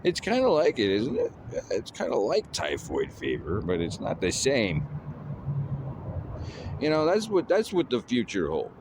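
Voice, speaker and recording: A man's voice: mid-range voice, wildly swooping pitch, measured pace, long pauses, background noise. Guy rambling on and on, draggy loose talk, bouncy up and down voice, lotta "you know, man". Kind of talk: rambling casual monologue.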